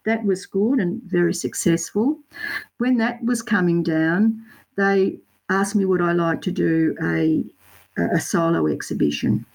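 A woman's voice: on the low side, a little slow, creaky, a little mellow, poor audio. An Australian woman, a guest artist, telling her story in a rambling, self-correcting way with local slang. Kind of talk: casual interview chat.

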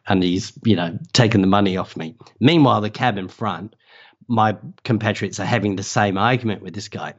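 An Australian man, a travel safety writer, telling a story in a casual, animated way and laughing often. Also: fairly low pitch, normal speed, highs cut off. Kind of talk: casual anecdote.

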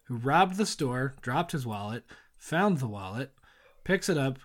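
A man's voice: medium pitch, sing-song, measured pace. A man hosting a podcast in casual chat, rambling with fillers and frequent laughter. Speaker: podcast host.

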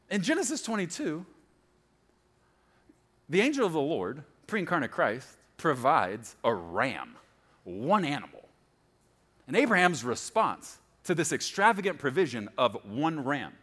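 A male pastor preaching with a lively, sweeping pitch and a bright, forceful tone. He tells stories with playful asides, swinging from hushed, low lines to loud, raised ones. His voice sits a little above average for a man. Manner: animated, storytelling preacher with asides. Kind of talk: sermon.

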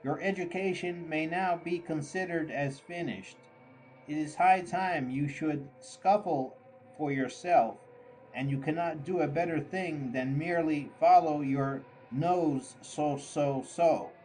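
A man voicing a fussy, kindly old gentleman who talks effusively and theatrically. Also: fairly high pitch, slow pace, faint music behind, low-quality recording.

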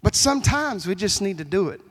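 A man preaching a folksy sermon as pastor, with a high voice. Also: sing-song, brisk. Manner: folksy preaching with Southern phrasing. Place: church sanctuary. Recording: long hall reverb in a church.

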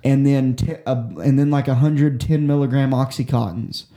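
A young man tells a long personal story in casual chat, swearing a lot and restarting often. His mellow, mid-range voice keeps fairly even intonation at normal speed, recorded in an echoey room.

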